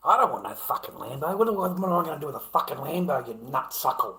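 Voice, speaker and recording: A man's voice: a little high, very animated, fast, bright, forceful tone, echoey room. A man in his fifties with an Australian accent, ranting profanely and mocking his chat during a casual livestream. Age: 50s.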